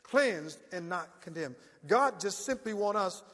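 A male pastor preaching a sermon with a high, bright, forceful voice. He keeps calling on the congregation to listen and answer back, and his voice carries through a long hall reverb. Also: expressive, measured pace. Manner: call-and-response preaching, repeats "listen".

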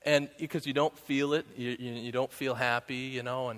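Speaking fairly quickly in a bright, mid-range voice, a man preaches to his congregation as their pastor. The sermon is conversational, peppered with "right?" and snippets of song, and the sanctuary gives it a long hall reverb.

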